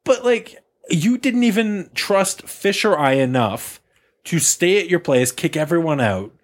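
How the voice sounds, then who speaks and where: Lively man telling a story among friends. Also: high voice, measured pace. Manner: storytelling, laughs often, keeps getting sidetracked. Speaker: podcast host. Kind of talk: casual chat among friends.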